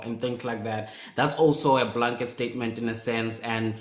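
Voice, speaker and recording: A man's voice: mid-range voice, fairly even intonation, normal speed, few pauses. A man hosting a live stream discussion, thoughtful and hesitant, with many fillers. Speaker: host. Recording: roomy echo.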